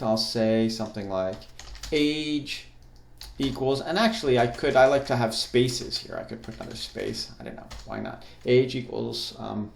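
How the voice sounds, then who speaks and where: A man's voice: mid-range voice, echoey room. A man teaching a coding lesson, talking through each step while he types on a keyboard. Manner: relaxed, thinks aloud while typing. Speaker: programming teacher. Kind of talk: screen-recorded coding lesson.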